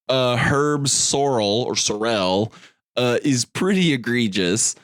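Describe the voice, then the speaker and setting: A man's voice: mid-range voice, expressive, slow pace, smooth, dry recording, studio quality. Rambling, swearing male podcast co-host. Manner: rambling, laughs often, swears casually. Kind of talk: casual movie review chat.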